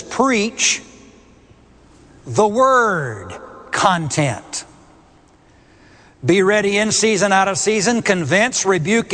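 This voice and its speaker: A man's voice: fairly high pitch, big-room sound. A man preaching a sermon, emphatic and repeating key words with rising force.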